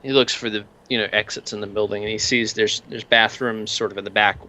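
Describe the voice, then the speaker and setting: A man's voice: fairly low pitch, steady tone, brisk, bright, forceful tone. A man narrating a tabletop game as game master, describing scenes loosely with many fillers.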